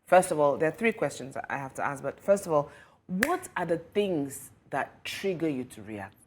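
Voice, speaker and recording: A woman hosting a television panel discussion, putting questions to her guests slowly and deliberately, with hesitant restarts. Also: sits low, very animated, darkish tone, slight background noise. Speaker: talk show host.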